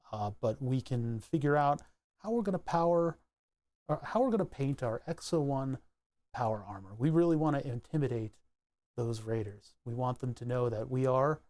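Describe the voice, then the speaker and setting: A man with a Philadelphia accent voicing a drowsy, sedated male public radio host in a slow, low murmuring drone. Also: a little mellow, close to an everyday voice.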